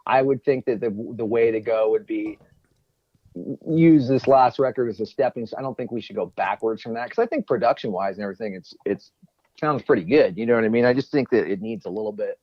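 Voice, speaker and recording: A man's voice: mid-range voice, fairly quick, no room sound. A man in casual podcast chat as a guest co-host and former bandmate, rambling and joking. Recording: muffled lo-fi audio.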